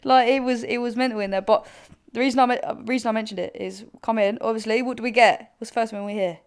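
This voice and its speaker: A woman's voice: fairly high pitch, fairly even intonation, fast talker, clean tone. A young woman co-hosting a podcast, telling stories animatedly and laughing often in casual chat. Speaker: podcast co-host.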